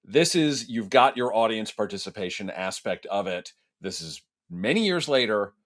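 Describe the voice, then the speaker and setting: Low-voiced man critic asking questions. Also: sing-song, normal speed, a bit bright. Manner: inquisitive, asks follow-up questions with stumbling restarts. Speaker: TV critic and podcast co-host. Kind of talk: casual conversational podcast chat.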